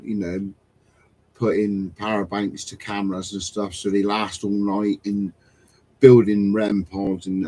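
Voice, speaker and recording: A man's voice: lowish voice, a little mellow, rough recording. A man chatting casually on a live stream about ghost hunting gear, self-deprecating and full of restarts. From England. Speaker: paranormal investigator on a live stream chat.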